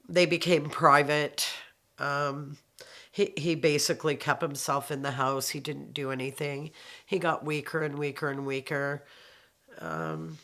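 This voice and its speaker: A middle-aged woman from Canada giving a personal testimony, halting and reflective, pausing often with ums. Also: low voice, bright, forceful tone. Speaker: abuse survivor telling her story.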